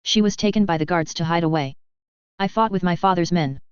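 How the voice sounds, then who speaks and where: A woman's voice: fairly low pitch, fairly quick, clean tone, dry recording, lightly acted. A woman voicing a resentful young nobleman with a sneering, mocking manner, in a dull, dry lo-fi recording. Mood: bitter.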